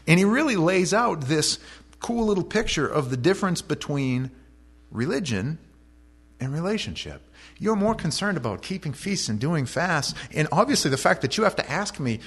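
Lively, joking pastor preaching to a congregation. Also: male voice, a little high, normal speed, gravelly, breathy edge. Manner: conversational, lively, joking asides to the audience. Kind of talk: sermon.

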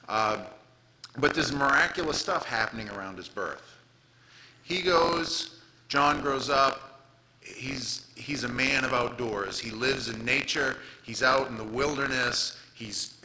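A man's voice: mid-range voice, bright, forceful tone, slight background noise, rough recording. A man preaching a conversational sermon, reading scripture aloud and retelling Bible stories in casual, everyday words. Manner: retells scripture casually, reads King James verses aloud. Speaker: pastor.

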